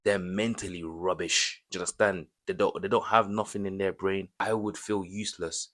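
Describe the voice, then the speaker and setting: Indignant low-voiced man. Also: steady tone, moderate pace, fairly bright tone. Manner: indignant, repetitive, slangy. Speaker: commentary YouTuber. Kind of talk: ranting reaction commentary.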